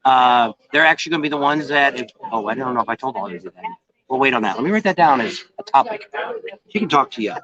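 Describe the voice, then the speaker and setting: A man's voice: medium pitch, animated, quick pace, a crowd in the background. Folksy man chatting in a crowded bar. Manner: rambling, folksy, self-correcting. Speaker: travel vlog host. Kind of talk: casual live-stream chat. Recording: dull lo-fi live stream.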